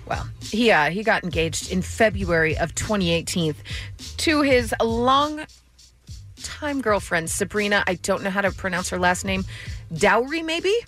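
Animated bubbly woman host. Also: medium pitch, a little slow, soft background music. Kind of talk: casual chat.

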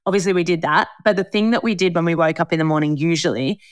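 A woman's voice: fairly low pitch, quick pace, dry recording, clean studio sound. A young Australian woman hosting a podcast, telling a story in casual chat with frequent swearing and laughter. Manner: chatty storyteller, swears freely, laughs often. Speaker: podcast host.

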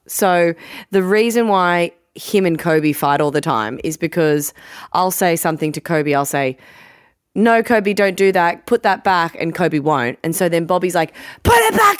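A woman's voice: lowish voice, no room sound. Candid woman, dry close sound. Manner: laughs often, candid and cheeky. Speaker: podcast co-host. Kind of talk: casual chat.

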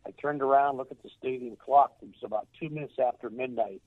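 An older man, a former baseball coach, tells a moving personal story in a halting way, repeating words as he is moved to tears. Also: mid-range voice, dry recording. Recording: tinny phone line.

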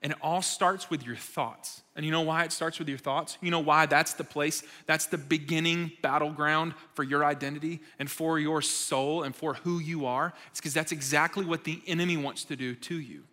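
Bright-voiced preacher in a big hall. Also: male voice, a little high, fairly even intonation, normal speed, hardly any pauses. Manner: conversational storytelling, emphatic, self-deprecating humor. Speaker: speaker at a young adults' church gathering. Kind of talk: sermon. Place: church meeting hall. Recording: reverberant hall sound.

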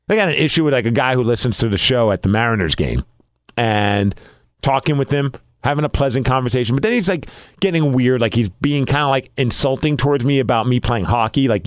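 A young man co-hosting a podcast, telling stories in a blunt, exasperated, animated way. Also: medium pitch, a little fast, no echo. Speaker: podcast co-host. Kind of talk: casual studio chat. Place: radio station studio.

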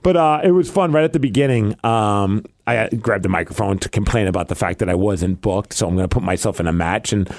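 A man hosting a casual podcast who tells his wrestling stories in an animated way, laughing often and acting out quotes. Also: fairly low pitch, quick pace, few pauses, dry recording, clean studio sound. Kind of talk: casual chat.

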